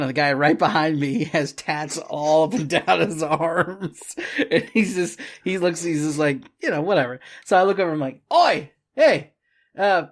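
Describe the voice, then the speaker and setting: A man hosting a podcast, telling a rambling trip story with frequent laughs and swearing. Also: on the high side. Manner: laughs often, swears freely, rambling anecdotes. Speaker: podcast host. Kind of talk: casual storytelling chat.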